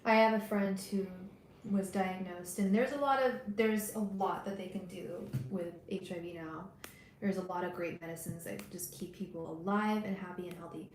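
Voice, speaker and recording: A woman hosting a live tarot reading, talking gently and directly to her viewers with frequent restarts. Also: lowish voice, fairly even intonation, normal speed, roomy sound, slight background noise, poor audio. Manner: gentle, soothing, talks straight to viewers; emotional, hesitant restarts. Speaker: tarot reader livestream host. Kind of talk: casual livestream reading.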